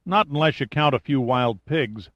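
A man's voice: medium pitch, animated, moderate pace, fairly bright tone, dry recording, voice pushed up, natural voice. A man voicing a sardonic, menacing sidekick. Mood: informative. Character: wry, menacing male sidekick, joking about torture. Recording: dull lo-fi audiobook recording.

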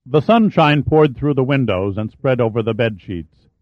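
A man narrating an audiobook in a measured, even reading. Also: mid-range voice, dry recording. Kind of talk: scripted narration. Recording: dull, dry studio audiobook.

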